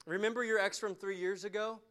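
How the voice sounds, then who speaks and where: Guy preaching, high voice, fired up, keeps repeating lines for punch. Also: level tone, fairly quick, clear, resonant tone. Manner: impassioned, repeats phrases for emphasis, drops to a soft tone near the end. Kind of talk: sermon.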